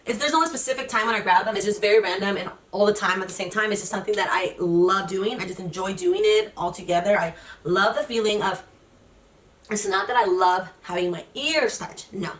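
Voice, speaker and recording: A woman's voice: mid-range voice, fairly quick, fairly bright tone, far from the mic. A young woman vlogging in a chatty, rambling way, full of fillers and restarts. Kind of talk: casual personal vlog. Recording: echoey room, voice off-mic.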